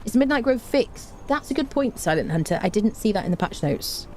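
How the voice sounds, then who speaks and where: A woman streamer chats casually with her viewers as she plays, humming little tunes in between. Her voice sits low and mellow, with wide, lively swings in pitch. There is a faint hiss under the recording. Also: brisk. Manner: chatty, hums tunelessly between remarks, reads and answers chat. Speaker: game streamer. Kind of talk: casual live-stream chat while playing.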